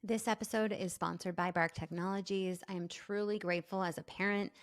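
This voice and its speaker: A woman's voice: medium pitch, fairly even intonation, brisk. A woman hosting a conversational podcast interview, speaking earnestly about child safety and affirming her guest often. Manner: earnest, advocacy-minded, affirming with frequent mm-hmms. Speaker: podcast host.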